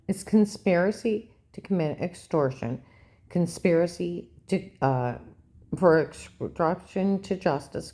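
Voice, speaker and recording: A woman's voice: deep voice, a little mellow. An older woman in a rambling, agitated personal monologue, repeating herself and often asking "okay?". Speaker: vlogger.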